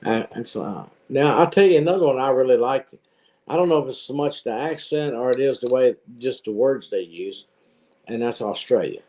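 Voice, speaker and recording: An easygoing man with a Virginia accent and a mellow, warm voice, chatting casually. He chuckles now and then as he talks. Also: mid-range voice, expressive, normal speed. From Virginia, United States. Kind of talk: casual chat.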